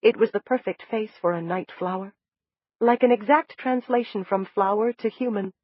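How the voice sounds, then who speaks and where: Woman narrator, first-person audiobook, steady descriptive reading, dull dry sound. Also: mid-range voice, no echo. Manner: measured, descriptive.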